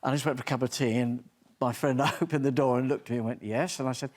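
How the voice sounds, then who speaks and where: A man's voice: mid-range voice, fairly even intonation, fast. A man on a talk show telling a rambling, self-deprecating story with many restarts. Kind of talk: anecdote telling.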